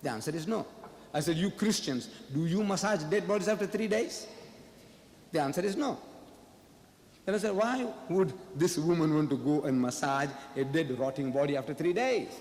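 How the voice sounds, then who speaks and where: A man delivers a public debate speech, firing off questions and then answering them himself with emphatic repetition. His voice sits fairly high and rings through a large, reverberant hall. The sound is roomy, with a long tail on every phrase. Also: normal speed, a little mellow. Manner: emphatic, repeats key phrases. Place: large lecture hall before an audience.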